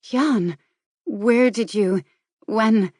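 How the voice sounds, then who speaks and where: A woman voicing a stunned, halting young woman. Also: fairly high pitch, darkish tone, dry recording, clean studio sound, pitched above the performer's own voice. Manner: faint, halting. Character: shaken young woman, breathless with disbelief. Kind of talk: audiobook character voice.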